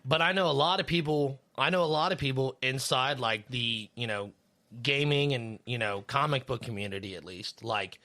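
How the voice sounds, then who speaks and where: Bright-voiced rambling podcast guy. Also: medium pitch, normal speed. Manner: rambling, swears a lot, many fillers. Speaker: podcast co-host; third shift worker. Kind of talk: casual podcast chat.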